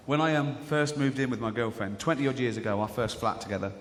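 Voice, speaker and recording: A man's voice: mid-range voice, fast, very noisy. A man doing a stand-up routine, telling stories in a chatty way and slipping into other people's voices. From England. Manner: conversational storytelling, acts out characters. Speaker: stand-up comedian. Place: large theatre on stage. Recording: live theatre reverb, faint crowd ambience.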